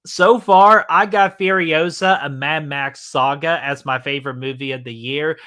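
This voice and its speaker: Male stream host, bright and forceful tone, casual and profane, lots of fillers. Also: medium pitch. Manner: loose, joking, swears freely, many fillers. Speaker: livestream host. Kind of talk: casual live-stream chat reading comments.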